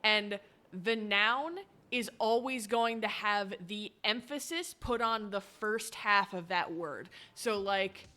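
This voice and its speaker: A woman's voice: medium pitch, slow pace, sharp tone. A woman streaming a game, chatting casually and rambling through explanations with lots of fillers.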